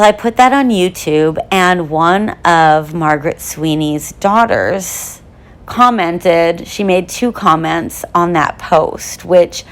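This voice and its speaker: A young woman hosting a true crime podcast who talks in a chatty, bubbly way with lots of fillers. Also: lowish voice. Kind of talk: casual podcast monologue.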